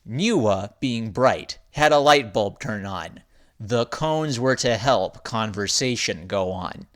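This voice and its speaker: A man reads a rhyming children's story aloud in a sing-song, expressive voice. His pitch rises and falls in lively swoops. He takes it slowly, lingering on each rhyme.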